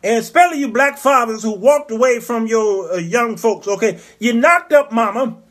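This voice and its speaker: A man's voice: very high voice, normal speed. A male show host, giving a comic commentary monologue and acting out voices and sound effects as he goes. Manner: animated storyteller who acts out voices and sound effects.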